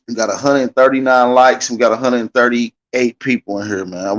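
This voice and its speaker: A man's voice: mid-range voice, fairly even intonation, a little fast, few pauses, fairly bright tone. A man hosting a casual livestream, talking loosely and repetitively as he calls out to his viewers and keeps adding "man.". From United States. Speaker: livestream host.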